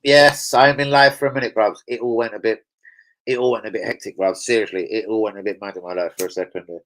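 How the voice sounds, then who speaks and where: Swearing lad on a live stream. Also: male voice, on the low side, steady tone, quick pace, a bit bright, poor audio. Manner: swearing, chatty, laughs often, answers chat. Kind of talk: casual live stream chat.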